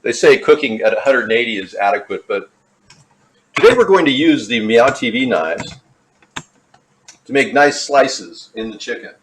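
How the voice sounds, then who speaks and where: Animated and mid-range, this man speaks at normal speed but takes long pauses, with a bit of hiss or hum in the recording. He's a home cooking vlogger showing a recipe in his kitchen, chatting casually, cracking jokes and wandering off topic.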